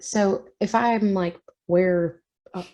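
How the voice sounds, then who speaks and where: A woman's voice: mid-range voice, steady tone, slow pace, warm tone. A woman playing in a tabletop game, asking curious, hesitant questions in casual talk. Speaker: player. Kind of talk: casual tabletop role-play.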